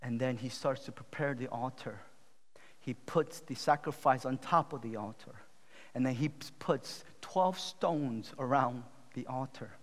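A male pastor preaching a sermon, retelling a Bible story with loud emphatic peaks and low, slow, quiet appeals. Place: church sanctuary. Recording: long hall reverb.

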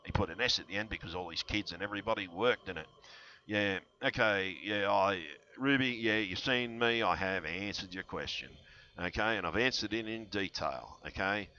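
Man, deep voice, rambling vlog talk, conspiratorial, dull headset sound. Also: moderate pace, bright, forceful tone. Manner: rambling, conspiratorial, full of fillers and restarts. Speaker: channel host. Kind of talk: rambling vlog monologue answering comments.

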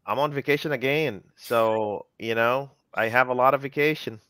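A man's voice: medium pitch, normal speed, fairly bright tone, no room sound. A man hosting a live coding session, chatting casually and teasing his co-hosts, with lots of "you know".

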